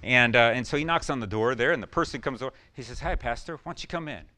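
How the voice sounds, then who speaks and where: Male pastor, mid-pitched, smooth and resonant, rambling folksy sermon with sudden whoops. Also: quick pace, pushed and bright. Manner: folksy storytelling with many fillers, bursting into whoops.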